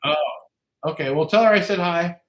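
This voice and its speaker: A man's voice: sits high, moderate pace, a bit bright. A man chatting casually on a livestream as a guest, profane, rambling and joking as he reads comments. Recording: echoey room.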